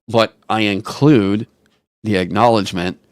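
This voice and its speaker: A man hosting a casual live stream, talking in an animated, rambling way and swearing casually into a headset mic. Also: lowish voice, unhurried, smooth, dry recording, studio quality. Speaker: streamer host.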